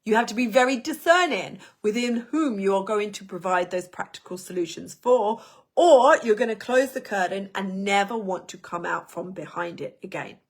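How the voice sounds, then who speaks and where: A woman coaching a business workshop, talking in an animated, emphatic way and repeating words for emphasis. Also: medium pitch, moderate pace. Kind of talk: teaching a workshop lesson.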